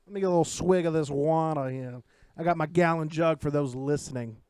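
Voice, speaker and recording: A man's voice: on the high side, fairly quick, a little mellow, smooth, dry recording. A young man co-hosting a podcast in casual chat. He speaks bluntly and outspokenly and rants at times. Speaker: podcast co-host.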